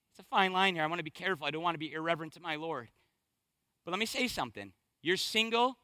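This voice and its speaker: A man preaching a sermon as pastor, impassioned, swinging from hushed to loud. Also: high-pitched, no echo.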